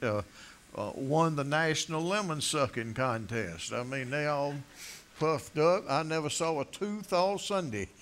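An older man preaching in a folksy, rambling way, full of asides and jokes at his listeners' expense. He stops and restarts often and leans on fillers as he thinks aloud. His voice sits at an ordinary middle pitch for a man. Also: a bit bright. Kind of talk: folksy sermon.

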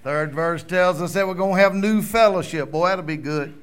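Delivering a sermon, this middle-aged pastor swings from booming proclamations to quiet, almost whispered passages. His male voice sits high and moves at a moderate pace, with slight background noise.

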